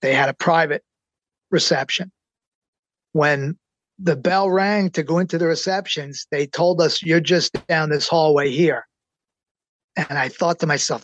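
A middle-aged man with a slightly high voice tells a personal story with eager, earnest excitement. He stretches out the key words to let the moments land. The sound is close and dry, with no room around it. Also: no room sound. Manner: excited, earnest, slows down for emphasis. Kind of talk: personal anecdote.

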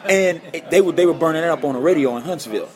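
A man with a somewhat high voice tells a story in a podcast interview. He acts out the people he quotes with lively voices. The chatter of a crowd can be heard behind him. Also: very fast. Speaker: guest guitarist.

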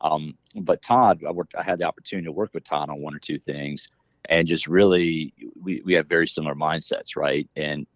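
In a rumbling low voice with fairly even intonation, a middle-aged interview guest talks briskly about his work in fitness education, rambling and restarting many times. The conversation is casual; the audio has no room sound and its highs are cut off.

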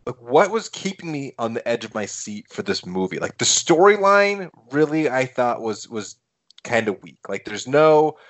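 A man co-hosting a casual movie chat, halting and restarting as he thinks aloud about the film. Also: medium pitch, very animated. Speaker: podcast co-host.

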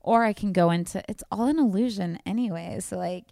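A woman's voice: medium pitch, fairly quick, creaky, mellow, dry recording, studio quality. A young woman co-hosting a casual chat, musing on spiritual ideas and joking playfully. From Kansas. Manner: reflective, spiritual talk with playful jokes. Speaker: podcast co-host.

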